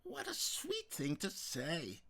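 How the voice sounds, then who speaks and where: A gentle, doting middle-aged mother, pitched up by a man reading an audiobook. Her speech rises and falls with a lively lilt. A raspy, creaky grain runs underneath. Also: slow pace, exaggerated voice. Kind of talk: audiobook character voice.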